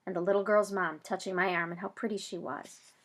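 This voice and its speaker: A woman narrating a first-person audiobook, reading the story and voicing its characters, with loud bursts for shouted lines. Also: mid-range voice, fairly even intonation, a little fast.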